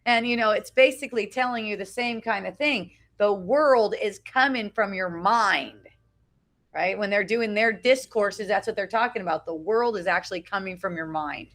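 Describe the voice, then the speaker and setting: A woman's voice: medium pitch, moderate pace, a bit bright. A middle-aged woman giving an informal spiritual talk to a small group outdoors at a beach. She talks conversationally, often asks "right?", restarts her sentences and swears casually. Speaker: spiritual teacher. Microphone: phone live video.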